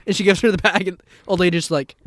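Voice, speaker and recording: A man's voice: high-pitched, steady tone, quick pace, fairly bright tone, dry recording. A young man co-hosting a casual podcast, telling a laughing anecdote and teasing his co-host. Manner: laughing anecdote teller who quotes people in the story, teasing. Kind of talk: casual chat.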